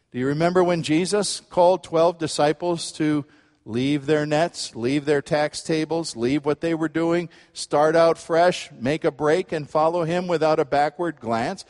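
A middle-aged man preaching a sermon, swinging between quiet asides and emphatic bursts. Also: on the high side, in a large hall. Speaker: pastor.

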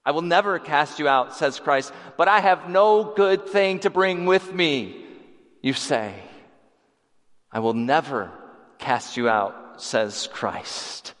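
A man's voice: on the high side, lively intonation, takes it slowly, a bit bright. A male preacher delivering a sermon with rising, repeated emphatic phrases, then leading a closing prayer. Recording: reverberant hall.

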